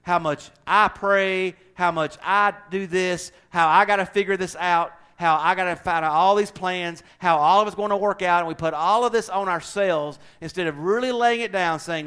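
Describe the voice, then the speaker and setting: A man delivering a sermon in a fairly high voice. He builds to loud, driving declarations, then drops to low, conversational asides to the congregation. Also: normal speed, clear, resonant tone. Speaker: preacher.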